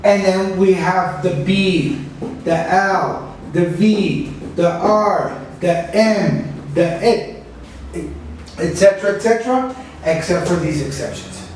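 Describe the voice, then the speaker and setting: A man teaching a pronunciation lesson, speaking slowly and carefully and repeating each word for practice. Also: high-pitched, darkish tone, slight background noise. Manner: slow, careful, repeats words for drilling. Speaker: English teacher. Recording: echoey room, mic at a distance.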